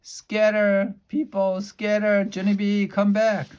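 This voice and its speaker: A man's voice: medium pitch, animated, moderate pace, darkish tone, close to an everyday voice. Man doing fed-up mom, firm and tired, scolding her daughter. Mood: calling out. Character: exasperated mother scolding her young daughter.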